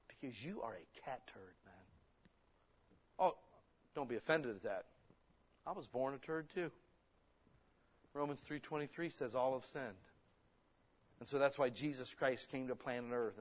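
A man preaching a sermon in a church, blunt and folksy, with sudden loud emphatic bursts. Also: fairly high pitch. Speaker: pastor. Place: church hall.

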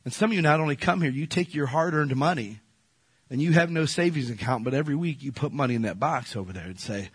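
Husky-voiced pastor preaching a sermon. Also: male voice, a little high, lively intonation, quick pace. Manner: conversational preaching, emotional swings from loud to soft. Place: church.

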